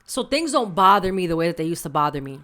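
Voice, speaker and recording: A woman's voice: lowish voice, sing-song, fast talker, pushed and bright. A woman podcast co-host telling a candid story in casual chat, full of slang and Spanish asides.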